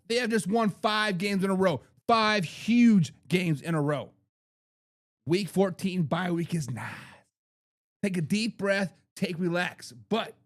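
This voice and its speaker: A man hosting a sports talk show, making hyped, trash-talking predictions and repeating lines for emphasis. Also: very high-pitched. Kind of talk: animated sports predictions monologue.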